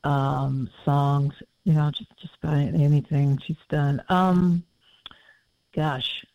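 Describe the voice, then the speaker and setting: A man in his fifties, a musician talking as a guest in a casual interview, reflective and halting with many fillers. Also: fairly high pitch, flat delivery, vocal fry, a little mellow. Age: 50s. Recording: dull lo-fi audio.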